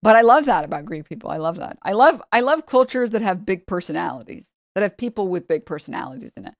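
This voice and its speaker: A woman's voice: mid-range voice, sing-song, fast talker, vocal fry, no room sound, clean studio sound. A woman from New York, a streamer giving casual reaction commentary, rambling and repeating her points for emphasis.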